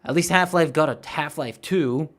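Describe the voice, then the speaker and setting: A man's voice: on the high side, moderate pace, fairly bright tone. A man in his late twenties with a youthful-sounding voice, streaming a game, chatting casually and ranting with frequent swearing. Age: late 20s. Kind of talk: casual gameplay chat, reading viewer messages.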